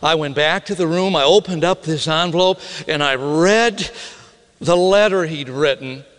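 A middle-aged man from Minnesota with a Minnesota accent, a pastor preaching a storytelling sermon with sudden excited outbursts. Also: on the high side, normal speed. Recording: long reverb of a large hall.

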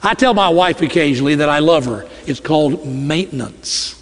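A middle-aged male pastor preaching a sermon, earnest, slowing and dropping his voice low on key phrases. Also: in a large hall, slight background noise.

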